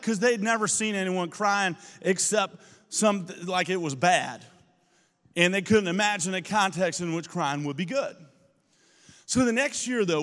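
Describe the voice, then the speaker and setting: High-voiced pastor preaching in a hall. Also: male voice. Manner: animated storytelling, rising to shouts. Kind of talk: sermon.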